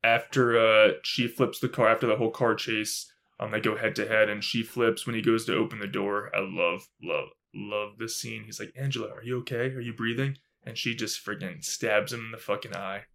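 Guy cohosting a podcast, super excited, rambly with lots of ums. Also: on the low side, moderate pace, vocal fry, hardly any pauses. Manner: gushing, excitable, lots of fillers and repeats. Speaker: podcast co-host. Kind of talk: casual chat.

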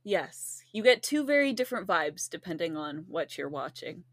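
A woman in casual chat with a friend, animated and quick to laugh. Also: lowish voice, no echo, studio quality. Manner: giggly, laughs often, animated. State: laughing to tears at times.

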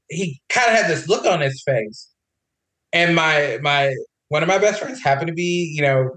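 Animated man telling a story. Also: fairly high pitch, reverberant, rough recording. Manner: animated, quotes others in his retelling. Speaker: podcast co-host. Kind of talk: casual storytelling chat.

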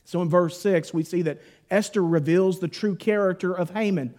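A man preaching a Bible teaching in a conversational, animated way, full of casual asides. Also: sits high, normal speed. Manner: conversational and animated, lots of 'like'.

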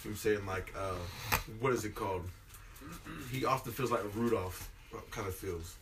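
A man's voice: lowish voice, moderate pace, recorded from a distance, background noise. A young man in casual chat with friends, teasing and swearing in slang.

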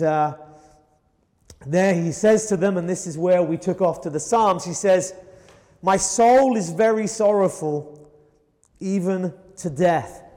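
A man with a high voice preaches a sermon earnestly. He acts out quoted pleas with a rising voice. Long reverb hangs behind him. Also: a little mellow. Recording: hall reverb.

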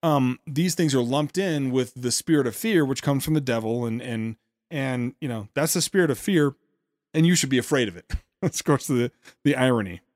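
A man's voice: medium pitch, a little mellow, no room sound. A male podcast host comments critically on a speech, sarcastic and often restarting his sentences. His voice sits in a middle range for a man. The sound is dry and close. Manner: sarcastic, with many halting restarts.

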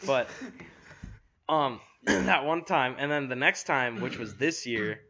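A man's voice: medium pitch, lively intonation, takes it slowly, pushed and bright. Rambling teen boy telling school stories. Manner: rambling storytelling with many fillers. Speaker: podcast co-host. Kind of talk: casual chat.

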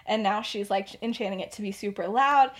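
A young adult woman hosting a podcast, telling a fan-fiction story in a casual, rambling way, often giggling and filling pauses with "like" and "um". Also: mid-range voice, a bit bright. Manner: giggly, rambling, filler-heavy. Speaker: podcast host.

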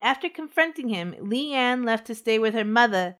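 A woman's voice: on the high side, expressive, moderate pace, fairly bright tone. A woman co-hosting a podcast, telling a true-crime story in casual chat and trading jokes along the way. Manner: recounts the case, breaks off to joke with co-hosts. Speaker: podcast co-host, case narrator.

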